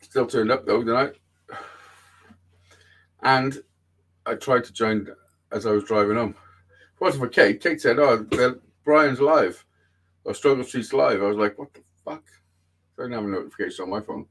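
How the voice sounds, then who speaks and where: A man's voice: medium pitch, normal speed, long pauses, a bit bright. A man hosting a casual livestream chat, rambling and swearing freely. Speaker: livestream host.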